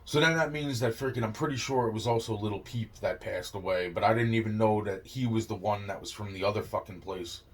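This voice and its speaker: A man's voice: lowish voice, brisk, few pauses. A young man telling a long rambling story, swearing constantly and looping on filler phrases. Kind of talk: rambling monologue.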